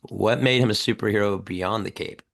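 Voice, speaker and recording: Podcast host. Very deep, raspy, and gravelly, asks slow, gentle questions.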